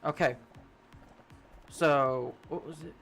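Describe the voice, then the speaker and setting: A man's voice: fairly high pitch, fairly even intonation, slow pace, creaky, a bit bright, faint music behind. A young man streaming a game, telling a rambling work story casually, swearing and laughing often. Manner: rambling, profane, laughs a lot. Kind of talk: casual storytelling while gaming.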